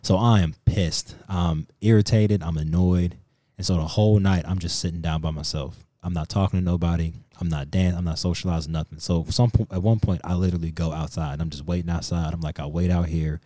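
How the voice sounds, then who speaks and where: A man's voice: sits low, fairly quick, dry recording. A man on a podcast, casually telling a profane story and acting out what people said. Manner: profane, animated storyteller who acts out quotes. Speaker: podcast co-host.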